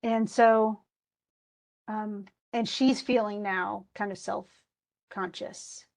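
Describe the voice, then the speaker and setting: A woman college English instructor talks through a short story in a loose, chatty lecture. She reads passages aloud and then comments on them, restarting her sentences and using plenty of fillers. Her voice sits at a medium pitch. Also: fairly even intonation, slow, creaky, darkish tone. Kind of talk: informal recorded lecture.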